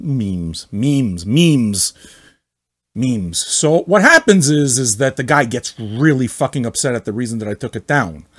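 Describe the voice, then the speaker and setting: A man hosting a casual talk show, telling a story in a sarcastic, rambling way with plenty of swearing and self-mockery. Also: mid-range voice. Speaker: podcast host. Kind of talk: casual comedic rant.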